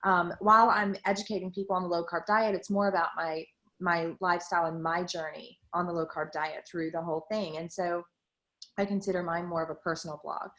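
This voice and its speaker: A woman's voice: on the low side, level tone, brisk, a bit bright, dull audio. A woman blogger talking casually on a live stream, chatty with lots of fillers. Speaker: guest blogger. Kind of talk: casual chat.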